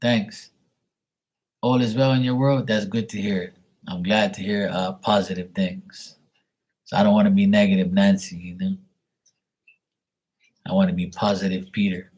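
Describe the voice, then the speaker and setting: A man's voice: low-pitched, little pitch movement, normal speed, pauses often, a little mellow, breathy edge. A man chatting casually to his viewers by name on a late-night livestream, rambling and teasing. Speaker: livestream host reading paid questions.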